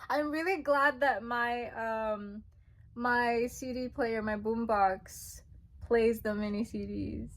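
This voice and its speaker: A young woman chatting casually as she unboxes albums, gushing and squealing with excitement. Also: on the high side, slow pace.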